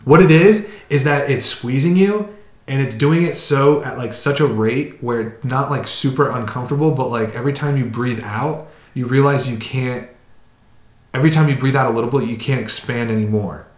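A man's voice: mid-range voice, moderate pace. Rambling man in a roomy space. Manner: rambling storyteller, slips into quoted voices. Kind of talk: casual chat. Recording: roomy echo.

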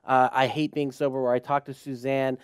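A man hosting a casual podcast, relaxed and profane, laughing often. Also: mid-range voice, a little fast, clear, resonant tone, dry recording, clean studio sound. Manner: laid-back, swears a lot, laughs often. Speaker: podcast host.

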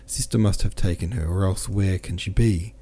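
A man reading the part of a timid civil official who speaks low and defensively. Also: moderate pace, mellow, slightly rough. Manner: low, self-justifying. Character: timid middle-aged male civil official, flat and defensive.

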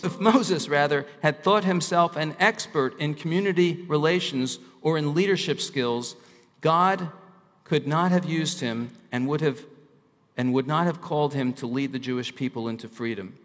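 A man's voice: a little high, a bit bright. Emphatic male preacher in a reverberant hall. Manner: emphatic, slows down to stress key lines. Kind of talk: sermon.

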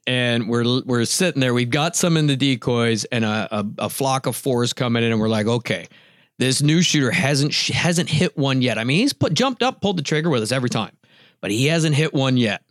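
A man telling a lively hunting story in casual chat, acting out what people said and laughing often. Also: mid-range voice, a little fast, no room sound, studio quality. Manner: animated storytelling, acts out quotes, laughs often.

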